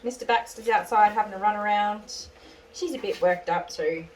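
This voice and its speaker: A woman dog groomer who calmly explains each step as she works and coos soothingly to the dog. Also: medium pitch, normal speed. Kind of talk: narrating a grooming session on camera. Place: indoor grooming salon. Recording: distant voice with clipper and dog noise.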